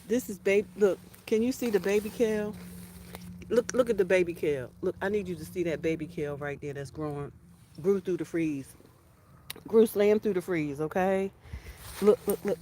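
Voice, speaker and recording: A woman gives an excited, chatty tour of her garden outdoors. She keeps repeating herself and calls out to her viewers as y'all. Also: medium pitch, slight background noise. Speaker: homestead vlogger.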